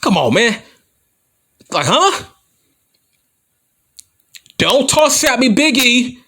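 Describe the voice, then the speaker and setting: A man's voice: very high-pitched, sing-song, very slow, bright, forceful tone, husky. A man from California with slurred, mushy speech and stutters, ranting as a wrestling vlogger in a taunting, profane heel-style promo. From Compton, California. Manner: taunting, combative, swearing often.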